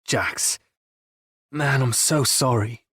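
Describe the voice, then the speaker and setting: A man's voice: medium pitch, slow pace, sharp tone, breathy edge, no echo, clean studio sound, exaggerated voice. A man doing a raw, remorseful rock musician.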